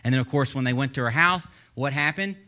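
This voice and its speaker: A man preaching a sermon as pastor, with a voice of middling pitch. He tells the story with animation and acts out the people in it. He climbs to emphatic peaks and then drops low and quiet. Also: fast. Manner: rising to emphatic bursts, then dropping low and soft.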